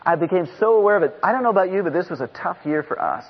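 A middle-aged man giving an impassioned sermon as a guest preacher in a church, at times rising to shouts. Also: high-pitched, expressive, racing, husky. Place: church sanctuary. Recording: dull lo-fi sound in a reverberant hall.

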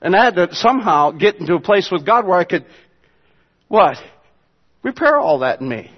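A man with a high voice preaches a sermon to his church, moving between low, quiet asides and loud, emphatic passages. The sound is dull and muffled. It rings with the long reverb of a large hall. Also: very animated, moderate pace. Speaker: pastor.

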